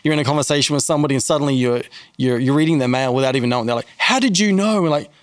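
A man with a medium-pitched, clear, resonant voice talks very fast as a guest on a podcast. In this casual faith talk he tells stories and animatedly acts out the people in them with a raised voice. The sound is clean studio audio with no echo.

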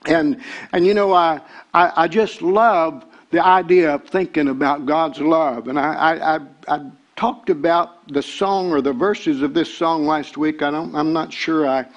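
An older man, preaching a sermon as pastor. He repeats words and builds to shouted excitement. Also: a little high, unhurried, dull audio.

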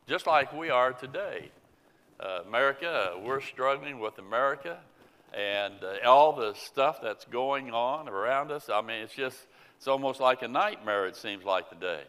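Male pastor from the US Midwest, unhurried and earnest, bright tone, echoing sanctuary. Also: mid-range voice. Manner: slow, earnest preaching with scripture read aloud. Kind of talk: sermon. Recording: long church reverb.

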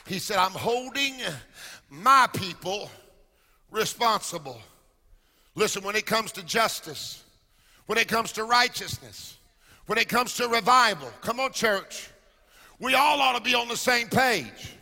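A man preaching a sermon, chanting in a sing-song rhythm and shouting at the peaks, in a large church. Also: high voice, animated, normal speed. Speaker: pastor. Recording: church hall reverb with music.

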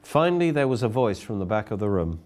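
A man's voice: fairly low pitch, sing-song, fast talker, a little mellow. A man preaching a sermon, telling a story earnestly and often repeating words as he goes.

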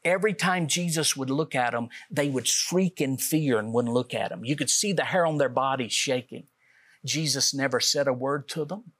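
A man's voice: medium pitch, moderate pace, a bit bright. Man telling an earnest personal testimony. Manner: earnest storytelling, acts out quoted dialogue. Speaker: guest author. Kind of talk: personal testimony on a talk show.

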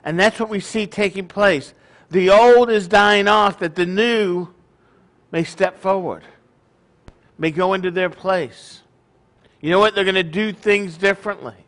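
Middle-aged guy preaching to his congregation, high voice, chatty and jokey, teases himself a lot. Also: a little slow, fairly bright tone. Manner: folksy, joking, self-deprecating. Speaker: congregation leader. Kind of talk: sermon.

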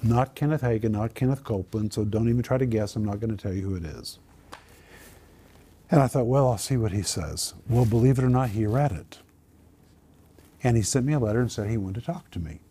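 Minister on a talk show, low mellow husky voice, earnest testimony. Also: male voice, a little fast. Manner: earnest, animated storyteller. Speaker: Christian minister and author. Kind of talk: personal testimony storytelling.

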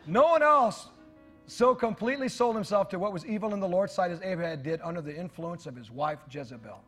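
Over faint music, a man with a high voice delivers a sermon at a quick pace. He's the pastor, reading scripture out loud and cracking jokes to the people in the pews.

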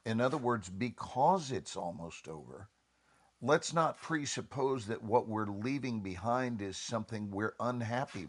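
A male actor appearing as a guest on a panel talk speaks in a measured, deliberate way from a mid-range voice. His inflection shifts expressively.

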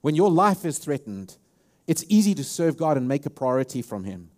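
Speaking at normal speed, a pastor with a South African accent preaches in a slightly high, sing-song voice with a darkish tone. His sermon is emphatic and repetitive, with lots of restarts and repeated words.

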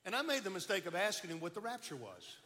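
An older man telling his life story as a testimony, folksy and animated, often restarting his words. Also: high-pitched, quick pace, slight background noise. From Baton Rouge, Louisiana. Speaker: speaker giving testimony. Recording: long hall reverb.

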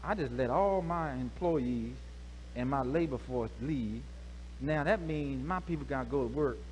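A man's voice: medium pitch, unhurried, darkish tone, a little hiss or hum, lightly acted, poor audio. A man voicing a stubborn male king who mutters and grumbles, put upon. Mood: grumbling.

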